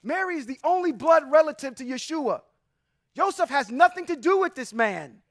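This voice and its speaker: A man's voice: very high-pitched, lively intonation, moderate pace, no echo. A man teaching scripture to a congregation in an emphatic, preacherly way, reading verses and breaking them apart. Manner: emphatic, preacherly, swings between loud and quiet asides. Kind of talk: sermon-style bible teaching.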